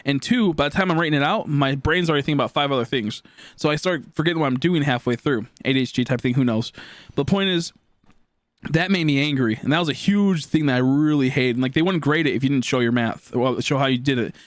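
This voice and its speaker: A man's voice: medium pitch, quick pace, dry recording. A young man chatting casually on a live stream, rambling and swearing as he talks through his life. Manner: rambling, restarts often, swears when worked up.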